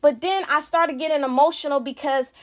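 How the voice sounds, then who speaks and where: A woman in her thirties with a high voice tells her side of a family fight, heated and cursing freely. She rambles and restarts her sentences as she talks things through. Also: fairly even intonation, brisk. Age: 30s. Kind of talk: emotional storytime rant.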